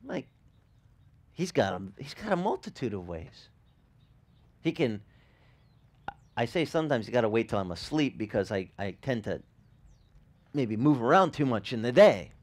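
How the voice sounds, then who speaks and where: Animated pastor preaching a casual sermon. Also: male voice, mid-range voice, moderate pace, long pauses. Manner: animated, asks the congregation questions; repeats words as he restarts. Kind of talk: conversational sermon.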